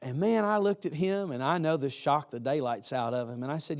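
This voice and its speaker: Casting: man, preacher, folksy and emphatic, slightly higher voice. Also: lively intonation, normal speed, few pauses, a little mellow. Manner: folksy, emphatic, acts out quoted students. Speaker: college preacher. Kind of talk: chapel sermon.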